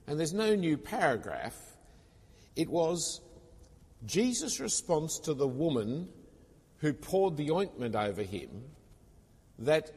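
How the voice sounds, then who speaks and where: A man's voice: mid-range voice, darkish tone, breathy edge. A man preaching a sermon, explaining scripture in an expository way with casual personal asides. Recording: long reverb of a large hall.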